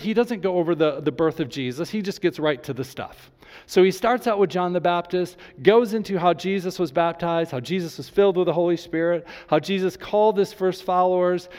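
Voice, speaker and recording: A man's voice: high-pitched, a little mellow, long reverb tail. A male pastor preaching a sermon with enthusiasm, reading scripture aloud to his congregation.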